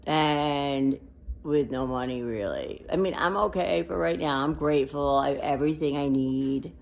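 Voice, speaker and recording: A woman's voice: low voice, moderate pace, creaky, muffled recording, a little hiss or hum. A woman vlogging off the cuff, rambling and emotional, close to crying as she talks. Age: adult with a child. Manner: emotional, rambling, near tears. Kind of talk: unedited personal vlog monologue.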